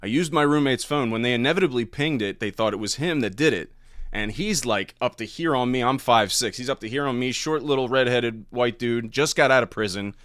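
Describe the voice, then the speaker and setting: A man's voice: medium pitch, fairly quick, a bit bright, dry recording, clean studio sound. A man who does stand-up, telling a story as a podcast guest in a laid-back, profane way. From Ohio. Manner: laid-back, profane, laughs between lines. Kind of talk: casual storytelling.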